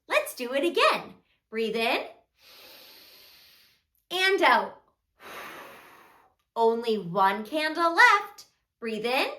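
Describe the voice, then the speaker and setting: Slow sing-song woman guiding kids' breathing. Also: sits high, reverberant. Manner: gentle, slow, sing-song, exaggerated delight. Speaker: children's show host. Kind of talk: soft storytelling and guided breathing for kids.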